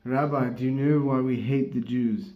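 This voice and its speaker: A man voicing a big, strong, blunt Scottish man in a put-on Scottish accent, speaking loud and slow. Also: medium pitch, fairly even intonation, lightly acted. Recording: dull, roomy recording.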